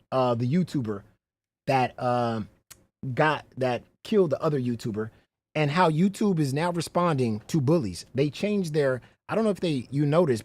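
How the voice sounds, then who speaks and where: A man hosting a loose, chatty livestream in a fairly high voice that swings up and down a lot. He rambles, swears freely and keeps laughing at his own stories. The sound is close and dry, with no room around it. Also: no echo. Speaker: livestream host. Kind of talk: casual livestream commentary.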